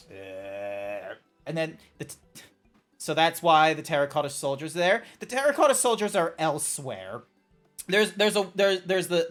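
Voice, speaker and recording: A fairly high-pitched man talks over a faint bed of chill background music. He is a game streamer in loose, casual chat, riffing through silly tangents. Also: fairly bright tone. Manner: rambling, joking, quick tangents.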